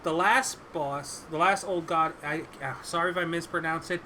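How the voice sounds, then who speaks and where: Excited man with a bright, forceful voice. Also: on the high side, normal speed, a little hiss or hum. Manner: eager, reads facts off notes. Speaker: podcast host. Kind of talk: casual gaming chat.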